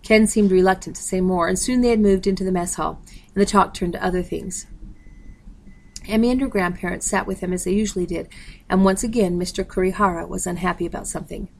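Gravelly woman reading a novel aloud. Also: fairly low pitch, fast, low-quality recording. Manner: steady, plain, reads page numbers. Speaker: audiobook reader.

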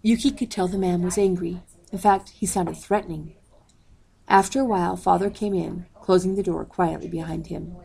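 A woman reads a storybook aloud in a low, dark voice with a gravelly edge. Her delivery is measured and unhurried, and she calls out page numbers along the way. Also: fairly even intonation. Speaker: audiobook reader.

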